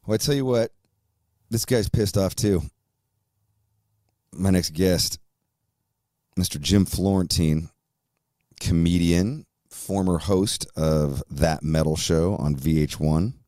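A male podcast host with a low voice who rants angrily and swears constantly. The sound is dry and close on a studio mic. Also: slow pace, long pauses, mellow, dry recording. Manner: profane, angry ranting. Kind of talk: ranting podcast talk.

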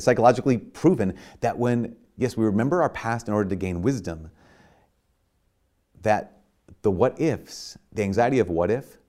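A man's voice: fairly low pitch, a little mellow. A man preaching a sermon in an earnest, conversational way, with many fillers and restarts.

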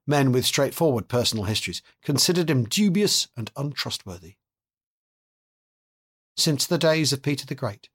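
A man reads a novel aloud in a measured, steady way. His voice has a husky edge. He stays at an average pitch for a man. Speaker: narrator reading a novel. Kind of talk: audiobook narration.

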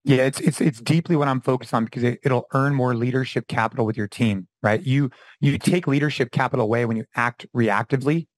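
Animated man telling stories, dry sound. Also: medium pitch, brisk, hardly any pauses, no room sound, rough recording. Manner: animated storytelling, acts out quotes. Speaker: podcast guest, former fitness champion and gym owner. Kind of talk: casual interview talk.

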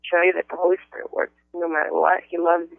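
A woman on a phone line telling a personal testimony in an animated storytelling way. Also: lowish voice, fast, vocal fry, dry recording. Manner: animated, acts out quotes in a raised voice.

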